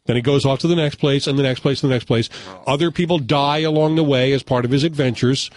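A man hosting a radio chat, retelling and reviewing a movie in an animated, laughing way. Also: medium pitch, fast talker, dry recording, studio quality. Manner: animated storyteller, laughs often. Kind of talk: casual chat.

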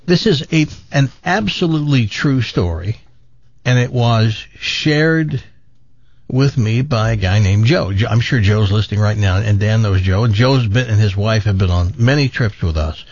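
A man's voice: fairly low pitch, normal speed, a little mellow, no echo, dull audio. Rambling, chatty male talk host. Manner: rambling, chatty, with frequent restarts and asides. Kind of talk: casual talk show monologue.

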